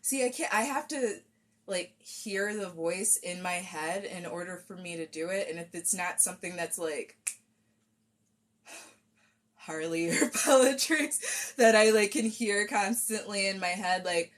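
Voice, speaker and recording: A woman's voice: medium pitch, lively intonation, unhurried. A woman chatting casually on a cosplay live stream, rambling and self-deprecating while she fixes a wig at home.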